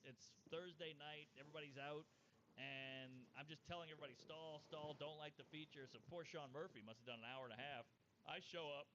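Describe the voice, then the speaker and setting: A man with a somewhat high voice tells stories in relaxed podcast chat, animated and profane, slipping into quoted voices. The sound is dull and lo-fi, with a faint hiss under it. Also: a little fast. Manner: animated, acts out quoted voices, swears freely. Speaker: comedian telling a bombing story. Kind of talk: casual podcast storytelling.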